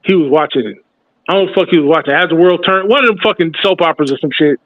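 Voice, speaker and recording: A man with a high voice tells a story in a lively way and plays the other people's voices. The sound is tinny and dry, like a phone line. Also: rapid-fire, no echo. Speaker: podcast host. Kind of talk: casual storytelling.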